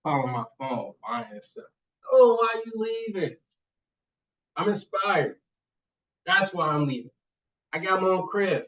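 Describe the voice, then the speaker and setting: A man's voice: high voice, lively intonation, a little slow, long pauses, a bit bright. A man telling a casual, rambling story in street slang, often repeating his catchphrases and growing emphatic at times. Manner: rambling, repeats "you see what I'm saying". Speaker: vlogger and college student. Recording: distant, muffled lo-fi sound.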